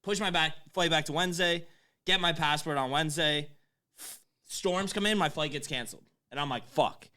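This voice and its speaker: A man in his twenties telling a story in casual chat, animated, swearing and laughing as he goes. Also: fairly high pitch, fairly quick. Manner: animated, swears often, laughs mid-sentence.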